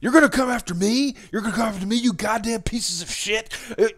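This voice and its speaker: A man doing an impression of an enraged male conspiracy talk-show host, yelling threats in a gruff voice. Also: high-pitched, brisk, pitched above the performer's own voice. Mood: enraged ranting.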